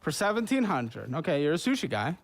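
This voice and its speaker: A man's voice: a little high, big pitch swings, fast. Teasing man with a bouncy voice. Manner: teasing, reads out purchases in a sing-song list. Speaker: podcast co-host. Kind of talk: casual podcast banter.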